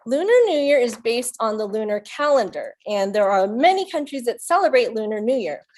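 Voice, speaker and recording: A woman's voice: on the high side, animated, a little fast, a little mellow. A young woman, a youth librarian, hosting a virtual children's story time in an upbeat manner, speaking to young kids over a computer mic.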